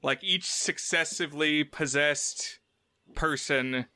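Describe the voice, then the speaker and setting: A man's voice: a little high, takes it slowly, sharp tone, dry recording. A man co-hosting a film podcast, chatting casually and explaining the plot at length with many fillers. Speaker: podcast co-host. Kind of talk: casual film review chat.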